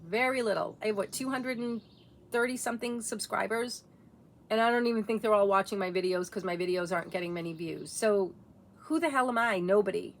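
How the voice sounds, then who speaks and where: A woman's voice: mid-range voice, a bit bright, slight background noise. Blunt, swearing woman ranting on camera. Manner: blunt, profane, impassioned. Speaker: vlogger. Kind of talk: casual monologue rant.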